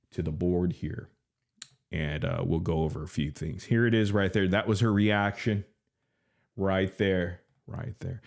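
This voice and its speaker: A man hosting a live stream, giving casual commentary in a mocking, boastful way and laughing often. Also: low-pitched.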